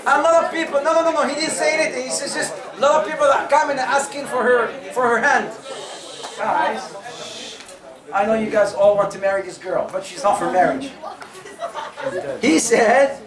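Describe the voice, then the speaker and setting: A man giving a lively youth talk, acting out the quotes in his stories and joking with his audience. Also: very high-pitched, moderate pace, crowd noise. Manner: animated, acts out quotes, jokes with audience. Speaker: youth program speaker. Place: community center hall. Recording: echoey room mic from a distance.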